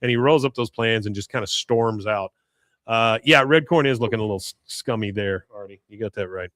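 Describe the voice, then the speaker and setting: A man's voice: on the low side, brisk, fairly bright tone, no echo. A man hosting a podcast, recapping an episode in a casual, rambling way with lots of hesitation. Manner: rambling, hesitant, fond of fillers. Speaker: podcast host. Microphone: podcast mic.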